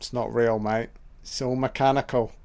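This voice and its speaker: A man's voice: medium pitch, steady tone, moderate pace, a little mellow. A man giving a casual, crude running commentary on a film, swearing and reacting aloud.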